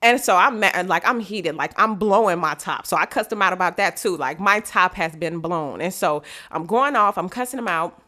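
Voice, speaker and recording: Animated woman telling her story. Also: on the low side, normal speed. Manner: animated, acts out quotes. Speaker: vlogger.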